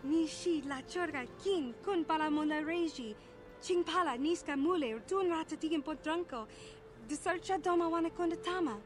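An actress voicing a female alien droid seller who speaks a steady alien language. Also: sits high, natural voice.

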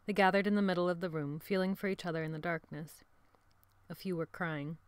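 Woman narrator, low voice, steady dramatic reading, dry recording. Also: brisk, smooth, no echo. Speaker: audiobook narrator. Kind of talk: scripted narration.

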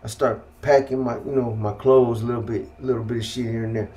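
A middle-aged man from California tells his story in an easygoing, street-slang way, leaning on "man" and "you know what I mean." His voice sits at an ordinary male pitch and often sinks into low, hushed asides. The talk is loose and conversational, full of restarts. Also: fairly even intonation, brisk. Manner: quiet, subdued delivery with hushed asides. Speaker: guest telling his life story. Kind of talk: casual storytelling.

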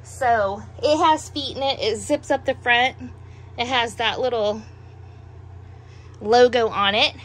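A middle-aged woman with heavy breathing after a meal, chatting in an unhurried, musing way as she shows off a clothing haul at home. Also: on the high side, fairly bright tone. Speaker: doll collector showing a clothing haul. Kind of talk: casual show-and-tell vlog.

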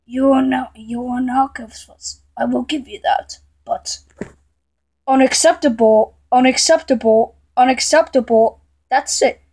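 A woman voicing a quick-tempered female computer error that scolds the user, threatening and stammering as she goes. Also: high voice, flat delivery, darkish tone, breathy edge, full character voice. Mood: angry scolding.

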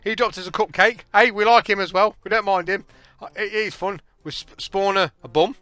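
A man, casually and excitably commentating a game, joking and laughing at his own jokes. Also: high voice, brisk, smooth, no room sound. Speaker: gaming channel host.

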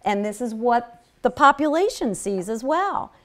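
A woman's voice: on the high side, animated, measured pace. A woman speaking at a public health seminar, telling stories from clinic work in an earnest way with frequent restarts. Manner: earnest storytelling with many restarts. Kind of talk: seminar lecture.

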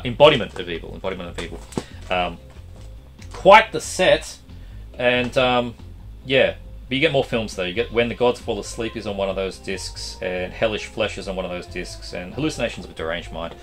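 A man hosting a casual collection update vlog, his voice going hoarse, rambling with lots of fillers. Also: on the low side, brisk, soft background music. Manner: rambling, animated, trailing fillers.

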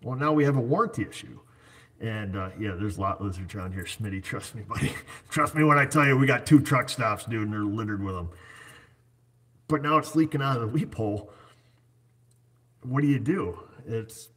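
A man who owns an auto repair shop, talking casually in a rambling, joking way and walking through hypothetical examples. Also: lowish voice. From United States. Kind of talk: casual chat.

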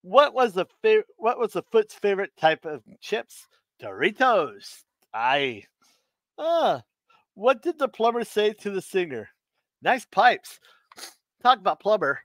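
A man's voice: sits high, very animated, unhurried, fairly bright tone, no room sound. A man hosting a casual live stream, reading dad jokes aloud and chuckling at his own punchlines, with loose rambling asides.

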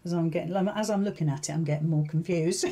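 Mellow-voiced woman, chatty sewing tutor. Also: deep voice, fast talker. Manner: chatty, thinks aloud, asks viewers questions. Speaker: sewing tutor hosting a live stream. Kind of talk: casual live tutorial chat.

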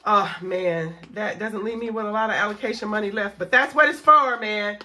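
Medium-pitched and moderately paced, a young woman runs a budgeting vlog, scratching off savings cards and counting her money aloud. Her casual chat is lively and talkative, and she addresses viewers as "y'all."

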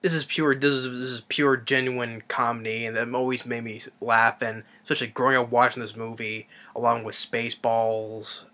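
A man's voice: mid-range voice, little pitch movement, moderate pace, few pauses, sharp tone. A man casually recapping a movie in a rambling way, with lots of ums and restarts. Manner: rambling, with many fillers and restarts. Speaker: movie reviewer.

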